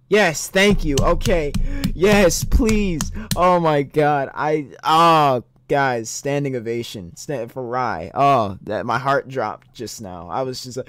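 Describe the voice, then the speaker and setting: A young man streaming a rhythm game, commenting excitedly, swearing often and laughing a lot, reading the game's dialogue aloud. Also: medium pitch, takes it slowly, dry recording. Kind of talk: gameplay commentary.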